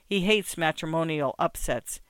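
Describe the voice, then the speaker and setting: A man voicing a kind, timid woman who speaks gently and with concern. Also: on the high side, moderate pace, clear, resonant tone, dry recording, studio quality, natural voice. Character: kind, timid plump woman, protective friend.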